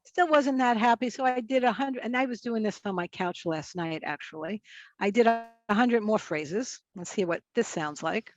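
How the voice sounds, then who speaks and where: A woman's voice: fairly high pitch, normal speed, no echo, dull audio. A woman speech pathologist giving a conference presentation in a casual, chatty way, often restarting her sentences. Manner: casual, chatty, self-correcting.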